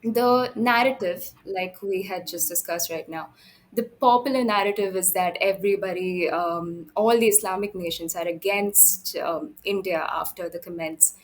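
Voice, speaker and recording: A woman's voice: mid-range voice, moderate pace, a little hiss or hum, rough recording. A young woman interviewing a guest, polite and a little hesitant with fillers. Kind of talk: interview questions.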